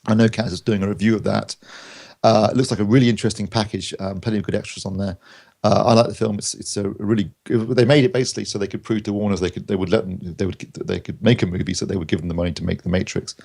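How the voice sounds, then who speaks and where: Fast-talking gravelly man. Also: fairly low pitch, steady tone, a little mellow. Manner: rambling with many ums and restarts, dry jokes. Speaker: podcast co-host reviewing films. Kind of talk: casual chat.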